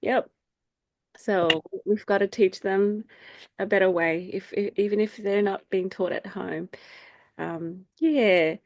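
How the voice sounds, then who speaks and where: A woman's voice: steady tone, slow, dry recording. A middle-aged woman hosting a faith group over a video call, talking casually with many fillers and acting out quotes. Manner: chatty, many fillers, acts out quotes in a high voice.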